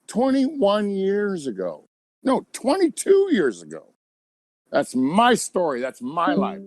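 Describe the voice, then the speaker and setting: A man's voice: sits high, huge pitch swings, slow pace, a little mellow, no room sound. A man bantering on a comedy podcast, ranting indignantly and talking over the host.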